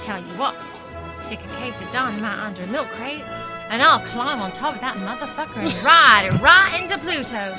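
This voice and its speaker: Brief: British actress doing a swaggering, cussing male Texan astronaut, high voice, big swoopy delivery, music under. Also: lively intonation, moderate pace, lightly acted. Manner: swaggering, swearing, attempting a southern drawl. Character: brash boozy foul-mouthed male astronaut from Texas. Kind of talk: amateur radio play.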